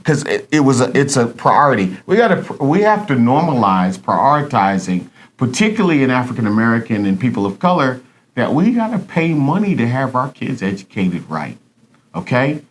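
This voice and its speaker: A middle-aged man, a pastor co-hosting a casual chat, who talks in a preachy, animated way and acts out quoted dialogue. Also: mid-range voice, normal speed. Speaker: pastor and podcast co-host.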